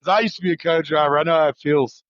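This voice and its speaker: A man's voice: fairly high pitch, fairly even intonation, racing, no room sound, lo-fi sound. A man hosting a live trucking stream, laughing often, egging on his guest and greeting viewers. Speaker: host.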